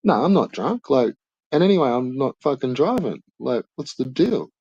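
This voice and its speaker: A man's voice: medium pitch, big pitch swings, normal speed, mellow, breathy edge, lo-fi sound. A man doing a cheeky drunk Aussie bloke. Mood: dismissive. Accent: Australian.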